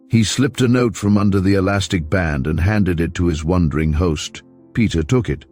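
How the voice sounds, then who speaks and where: A man reading a crime novel aloud in an even, measured way as audiobook narrator. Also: low voice, faint music behind. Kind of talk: scripted narration.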